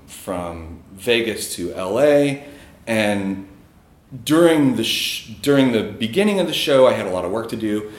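A man's voice: fairly low pitch, roomy sound. A man telling a personal story on stage in a casual, chuckling way, with many fillers.

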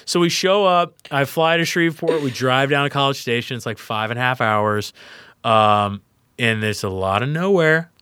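A young man from Louisiana, a podcast guest telling a story in a casual, profane, animated way and acting out the people he quotes. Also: mid-range voice, moderate pace, smooth, no echo, clean studio sound. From Louisiana, USA.

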